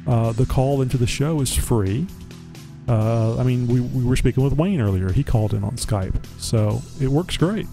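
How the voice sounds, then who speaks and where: A man with a mellow, mid-range voice hosts a casual live internet show. He rambles as he chats and often restarts his words.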